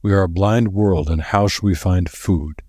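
A man's voice: low voice, dark tone, dry recording, studio quality. A man voicing a grim, solemn old professor who lays out grave warnings in a storybook reading. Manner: grave and deliberate.

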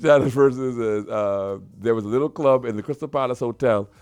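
A man's voice: mid-range voice, a little fast, darkish tone, clean tone. A man hosting a radio show in casual, playful banter, laughing often and slipping into local dialect. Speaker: radio host. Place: radio studio.

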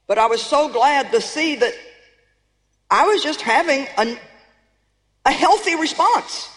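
A woman's voice: high-pitched, expressive, measured pace. Emphatic woman preacher in a reverberant hall. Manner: emphatic, calls out to the congregation; storytelling, rising to shouts. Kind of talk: sermon.

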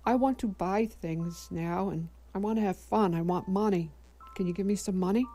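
A woman's voice: medium pitch, moderate pace, dark tone, lightly acted. A woman reading a wanting boy turned weary man. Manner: plain, wanting, later weary. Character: boy growing into a tired old man.

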